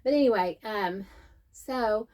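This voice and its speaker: Slow-talking chatty woman. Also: medium pitch, darkish tone. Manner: chatty, rambling, self-deprecating. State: out of breath. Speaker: host. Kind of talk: casual vlog chat. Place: seated at home.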